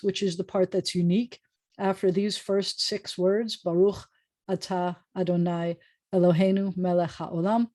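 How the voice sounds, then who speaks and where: A woman's voice: medium pitch, a little mellow. A woman rabbi teaching a prayer book Hebrew lesson over a video call, explaining patiently with frequent ums. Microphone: video call microphone.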